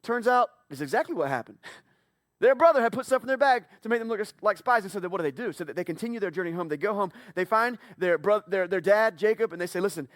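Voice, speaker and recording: A man preaching a casual sermon, retelling a Bible story playfully and acting out the characters in quick asides. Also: high-pitched, animated, fairly bright tone, dry recording, studio quality. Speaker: pastor. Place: church.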